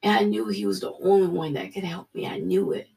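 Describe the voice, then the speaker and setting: A Bible study leader reading scripture and telling a personal testimony, earnest and halting, dropping to a hushed voice. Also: mid-range voice, expressive, gravelly, far from the mic.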